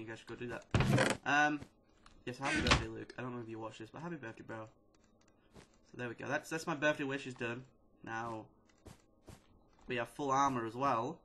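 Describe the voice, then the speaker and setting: A man hosting a casual let's-play video, excitedly chattering at the characters in his game. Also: medium pitch. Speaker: gaming video host. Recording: loud steady background noise.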